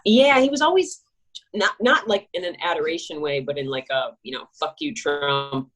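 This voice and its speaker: A woman talking as an interview guest in a relaxed, jokey, casual chat, with plenty of swearing. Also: fairly low pitch, a little fast. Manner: laid-back, swearing, jokey.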